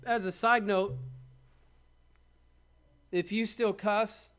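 A man's voice: high voice, fairly even intonation, very slow, fairly bright tone. A man preaching a sermon, with dramatic quoted asides and rhetorical questions. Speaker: pastor.

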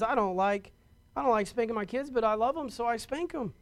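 A man's voice: very high-pitched, brisk. A middle-aged man preaching a sermon as pastor, stressing points emphatically and often repeating words.

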